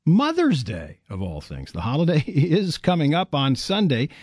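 A male radio host with a lively, animated pitch and a conversational manner. His voice is dry and close, with nothing heard behind it. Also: moderate pace, husky, no room sound. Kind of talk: radio interview.

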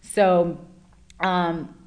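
An actress answering interview questions in a chatty, rambling way with many fillers. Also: female voice, on the low side, little pitch movement, extremely slow, a little mellow.

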